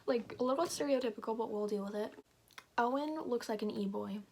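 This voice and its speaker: A woman's voice: on the high side, fairly quick, darkish tone. Sarcastic young woman reading aloud. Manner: casual, sarcastic, sweary. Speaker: YouTuber. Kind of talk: reading a story aloud with commentary.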